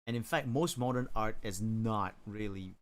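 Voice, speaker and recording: A man streaming while he draws, chatting casually and rambling, with hesitant pauses and chuckles. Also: fairly low pitch. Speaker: livestreamer drawing on stream. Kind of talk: casual chat while drawing.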